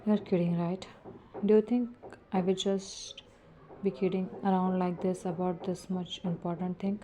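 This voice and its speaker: A woman's voice: lowish voice, fairly even intonation, unhurried, warm tone, a little hiss or hum, lightly acted. A woman reading as a flustered young woman. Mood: unsettled. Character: shocked, confused young woman in love.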